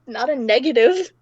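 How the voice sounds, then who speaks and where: High, giggly woman game master. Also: breathy edge, dry recording, dull audio. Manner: giggly, playful. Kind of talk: narrating a tabletop game.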